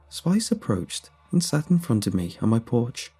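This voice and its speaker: A man reading a first-person horror story aloud in a steady, measured way. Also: fairly low pitch, husky, faint music behind. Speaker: narrator. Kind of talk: scripted horror story narration.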